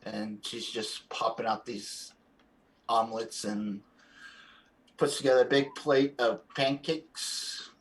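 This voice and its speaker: A man running a tabletop game as game master, describing scenes in halting phrases full of fillers. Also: mid-range voice, steady tone.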